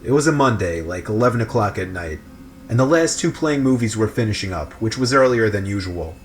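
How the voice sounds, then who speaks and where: A man giving a scripted, steady narration of a creepy story. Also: fairly low pitch, a little fast, slight background noise.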